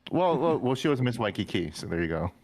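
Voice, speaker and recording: A man chatting as a podcast guest, telling candid stories with lots of halting restarts and playful acted-out quotes. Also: medium pitch, sing-song, background noise. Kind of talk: casual chat.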